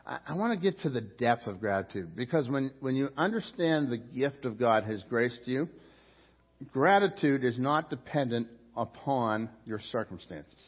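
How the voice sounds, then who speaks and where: A man's voice: mid-range voice, lively intonation, moderate pace, breathy edge, dull audio. Man preaching a chatty sermon. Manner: conversational preaching with rhetorical questions and repetitions. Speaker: pastor.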